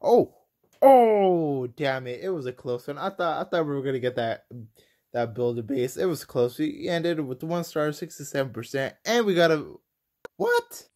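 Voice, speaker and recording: A young man casually commentating his own gameplay, excitable and rambling, quick to get frustrated. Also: medium pitch. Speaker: gaming commentator.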